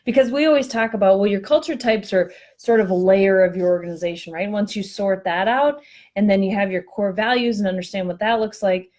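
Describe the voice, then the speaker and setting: A woman telling a story in a chatty, animated way, poking fun at herself. She speaks at a middle pitch, on what sounds like an online call. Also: fairly quick. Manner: chatty, animated, self-mocking. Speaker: co-host discussing workplace culture. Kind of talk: casual conversational storytelling.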